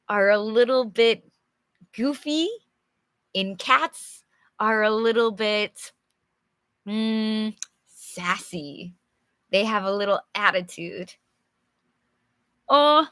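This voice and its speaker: Slow, bright-voiced woman teaching English. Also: medium pitch, no echo, clean studio sound. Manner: patient, explains words simply to learners; chatty, answers viewers' comments. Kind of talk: live-streamed storybook reading with chat.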